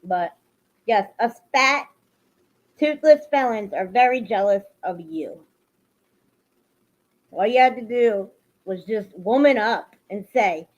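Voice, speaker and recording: In lo-fi livestream audio, a woman hosting a casual stream speaks emotionally to her viewers and swings into heated ranting. Her mid-range voice has lively intonation, moving slowly with frequent pauses.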